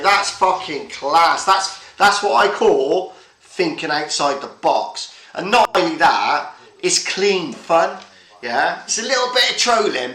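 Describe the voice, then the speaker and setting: A man's voice: a little high, pushed and bright. A man chatting casually on a livestream, swearing often and rambling from point to point. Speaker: livestream host. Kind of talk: casual chat. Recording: roomy echo, faint music behind.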